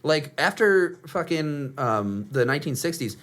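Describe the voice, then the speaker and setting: A man's voice: on the high side, measured pace. A man in his thirties co-hosting a casual podcast, rambling and swearing as he talks. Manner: rambling, profane, lively. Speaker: podcast co-host. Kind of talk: casual chat.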